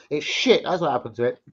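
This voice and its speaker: A man hosting a casual live stream, swearing freely, rambling and giving loud shout-outs to chat. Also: fairly high pitch. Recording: slightly muffled stream audio.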